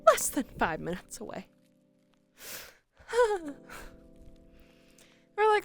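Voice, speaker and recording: A young woman streamer telling a story casually in an animated way, laughing often. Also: extremely high pitch, very slow, pauses often, faint music behind.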